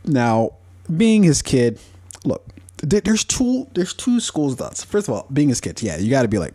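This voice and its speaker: A man hosting a casual commentary podcast, his voice warm and mellow rather than bright. He rambles through his points with plenty of fillers, curses freely and laughs at his own asides. The sound is dry and close, with no room echo. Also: fairly high pitch, sing-song, normal speed. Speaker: podcast host.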